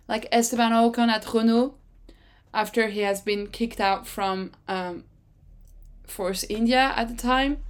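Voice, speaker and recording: A chatty woman podcaster whose first language is French hosts a casual solo chat. She rambles, corrects herself, and jumps suddenly into excitement, speaking in a smooth, fairly high voice.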